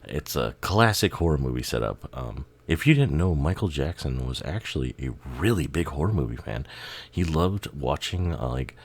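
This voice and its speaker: A man's voice: a bass voice, very animated, moderate pace, husky, no room sound. A man giving casual, rambling commentary over a music video, swearing and laughing, a bit tired and tipsy.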